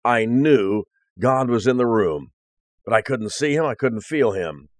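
A man's voice: medium pitch, lively intonation, a little slow, no room sound, studio quality. A male preacher earnestly reading a first-person story aloud as part of a sermon.

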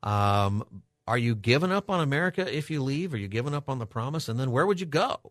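A man hosting a call-in radio show, thinking aloud and halting with ums and restarts. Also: mid-range voice, animated, a bit bright, no room sound, studio quality.

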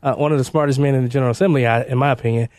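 A middle-aged man hosting a talk radio show, joking and animated, introducing a guest. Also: mid-range voice, very fast, dry recording, clean studio sound. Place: radio studio. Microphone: studio mic.

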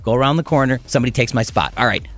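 A middle-aged man, hosting a casual radio chat and telling a story with animated back-and-forth voices. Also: mid-range voice, rapid-fire, no room sound, faint music behind. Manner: animated storytelling, acting out both sides of an argument. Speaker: radio host.

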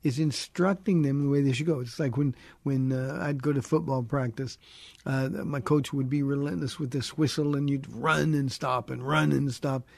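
A man's voice: medium pitch, steady tone, moderate pace, creaky, dry recording. A man in his fifties, a radio pastor answering listener questions, teaching in a direct, earnest way that often restarts words. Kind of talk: conversational radio Bible teaching.

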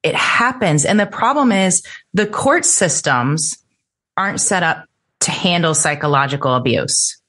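A woman's voice: on the low side, expressive, unhurried, bright, forceful tone. A middle-aged woman, an interview guest, telling her personal story earnestly and lifting her voice when she quotes people.

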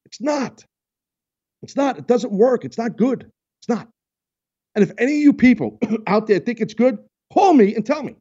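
A man's voice: extremely high pitch, sing-song, moderate pace, mellow, slightly rough, highs cut off. A man hosting a live talk radio show, ranting bluntly and repeating himself as he argues about wrestling. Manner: blunt, heated, repetitive ranting. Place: radio studio.

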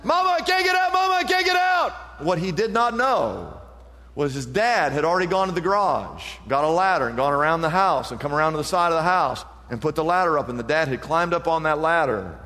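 A man preaching with real fervor, his voice pitched high and rising higher when he drives a point home. The sound carries a long reverb, as if from a large hall. It is an energetic sermon delivery. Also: brisk. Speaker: pastor.

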